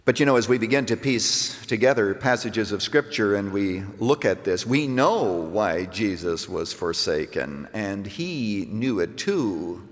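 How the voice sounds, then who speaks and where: A pastor preaching a sermon, swinging between hushed, low phrases and emphatic lines. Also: male voice, animated, measured pace, few pauses. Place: church sanctuary. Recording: long reverb of a church hall.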